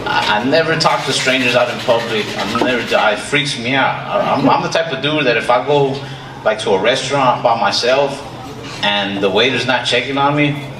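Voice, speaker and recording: A man's voice: mid-range voice, moderate pace, heavy background noise. A young man doing stand-up, rambling in a shy, self-deprecating way. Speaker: comedian. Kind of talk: stand-up comedy set. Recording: roomy, distant mic with loud laughter.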